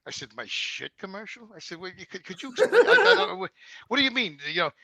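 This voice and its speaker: Loud, foul-mouthed, gravelly man. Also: sits high, huge pitch swings, fast talker. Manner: loud, foul-mouthed storyteller acting out quoted dialogue. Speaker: podcast co-host. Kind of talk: profane comedic rant.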